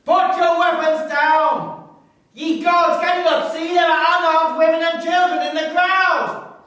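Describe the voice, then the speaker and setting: Outraged male speaker of the people, played by an actor, slow delivery, distant echo. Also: sits high, lively intonation, a bit bright. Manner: declamatory, pleading. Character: male radical orator, commanding and outraged. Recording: very echoey, distant mic.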